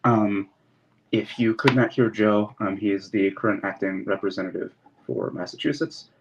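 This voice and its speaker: A man's voice: lowish voice, normal speed. A man from Indiana chairing an online committee meeting, calling on members politely and procedurally with frequent ums. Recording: dull lo-fi call audio with faint hiss.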